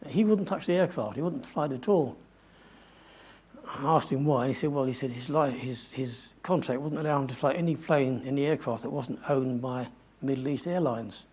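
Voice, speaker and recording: At a museum talk, an older guest speaker spins a long adventure story in a loose, chatty way, often stopping to restart or correct his sentences. His mid-range voice is dark and mellow with a husky edge, and he speaks at normal speed.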